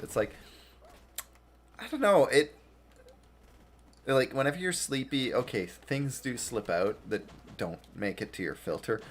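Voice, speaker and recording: A tired man chats loosely while streaming a game. He rambles, pokes fun at himself and laughs a lot. His voice sits fairly low, with a faint hiss of noise behind it. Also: sing-song, moderate pace. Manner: rambling, self-deprecating, laughs often. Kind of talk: casual gaming stream chat.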